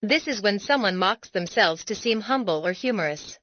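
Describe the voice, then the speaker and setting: A woman giving a scripted explanatory narration for an educational video, reading in a measured, deliberate way. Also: mid-range voice, lively intonation, dry recording, dull audio.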